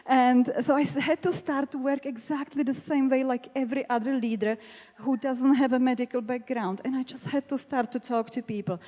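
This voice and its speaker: A woman's voice: fairly high pitch, a little mellow. A woman panelist, a doctor turned network marketer, telling her own story candidly on stage, laughing often and getting emotional. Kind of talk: personal testimony on a stage panel. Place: large hall at a business event. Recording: reverberant hall.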